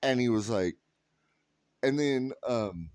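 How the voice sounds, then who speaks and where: A man's voice: medium pitch, expressive, takes it slowly, a little mellow, clear, resonant tone, dry recording. A man in his thirties telling a funny story in a casual vlog, quoting people and laughing often. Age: 30s. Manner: rambling with restarts and "like". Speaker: vlogger.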